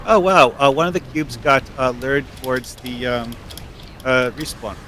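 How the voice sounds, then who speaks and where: A man chatting casually while playing a video game with friends, pausing often with fillers. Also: medium pitch, pushed and bright, slight background noise. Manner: halting, many fillers. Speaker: fleetmate player. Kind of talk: casual gameplay chat.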